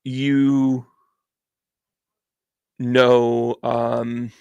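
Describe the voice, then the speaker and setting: A man hosts a livestream as a medium, telling long, rambling stories with lots of animated asides and restarts. His middle-pitched voice has a gravelly edge. It is recorded dry and close, with no room sound. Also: drawn-out words, dry recording, lo-fi sound. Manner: rambling, animated, chatty storytelling. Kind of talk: casual livestream chat.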